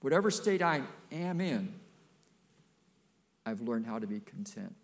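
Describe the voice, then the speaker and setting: Older man preaching, gravelly voice, unhurried delivery, folksy and emphatic. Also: mid-range voice, big pitch swings. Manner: folksy and emphatic, with playful asides to the congregation. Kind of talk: sermon.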